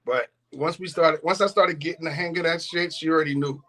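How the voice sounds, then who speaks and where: A man with a high voice tells loose, profane stories on a stream, laughing between lines. He acts out each quote with big swings in his delivery. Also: fairly quick. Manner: profane, laughing often, animated quoting. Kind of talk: casual storytelling chat.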